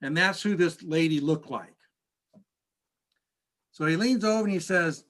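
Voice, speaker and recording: A man, a pastor, telling stories in a casual church class, chatty and halting with frequent restarts. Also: a little high, fairly bright tone. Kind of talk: casual storytelling lesson.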